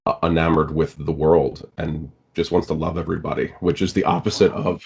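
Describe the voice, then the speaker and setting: A very deep-voiced man talks casually as a podcast guest and trips over his words before he finds them. He swears freely, and it sounds like a relaxed chat. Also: vocal fry, slightly rough. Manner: halting, stammering starts, swears freely. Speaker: guest actor and audiobook narrator.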